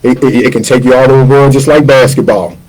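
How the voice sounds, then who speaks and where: A man in his fifties, a chef, telling stories in a casual interview, slangy and animated, acting out quotes. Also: medium pitch, quick pace, a crowd in the background, poor audio. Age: 50s. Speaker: chef guest.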